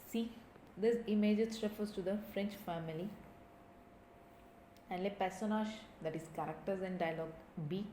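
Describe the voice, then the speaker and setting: A woman leads a recorded French lesson, reading each dialogue line and translating it step by step. Her voice is mellow and warm. The room is echoey, with a faint hum of ambient noise behind her. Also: mid-range voice. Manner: reads dialogue lines aloud, then translates each one. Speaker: French teacher.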